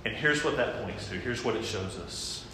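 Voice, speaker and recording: A man preaching a sermon, reading scripture aloud and then explaining it with earnest emphasis that drops to quiet intensity. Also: medium pitch, lively intonation, normal speed. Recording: echoey hall, faint background noise.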